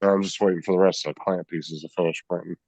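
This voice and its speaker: A man in casual chat, explaining a hobby project in a relaxed way. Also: low voice, fast talker, dry recording.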